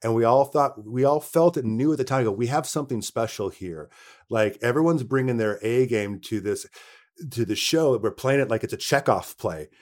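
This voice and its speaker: A man's voice: medium pitch, normal speed, a little mellow. A man, an actor being interviewed, telling stories from set and acting out what others said to him. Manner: storytelling, acting out others' quoted lines. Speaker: actor guest. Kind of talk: casual interview conversation.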